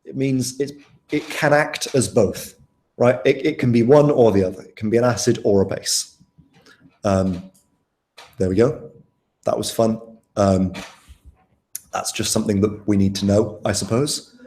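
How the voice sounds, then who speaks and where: A man's voice: lowish voice, a little slow, pauses often, darkish tone. Casual young man tutoring, roomy sound. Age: young adult. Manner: casual, chatty, asks students questions. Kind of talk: live online tutoring session.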